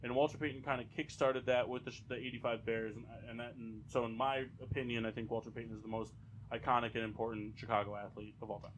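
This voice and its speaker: A man's voice: medium pitch, level tone, fast, slight background noise, poor audio. A man co-hosting a casual sports podcast, giving strong opinions with lots of fillers and restarts. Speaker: podcast co-host.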